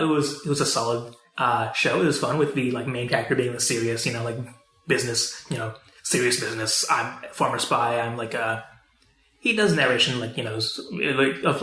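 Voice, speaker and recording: A man's voice: medium pitch, fairly quick, pushed and bright, roomy sound. A man co-hosting a podcast, chatting casually about movies and TV, rambling with lots of fillers and restarts. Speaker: podcast co-host.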